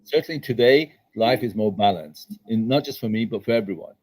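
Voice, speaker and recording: Speaking a little fast in a lowish, darkish voice over poor audio, this older man is a guest entrepreneur being interviewed at his daughter's home. He answers with emphatic stories, punctuated by "okay?" and "all right?".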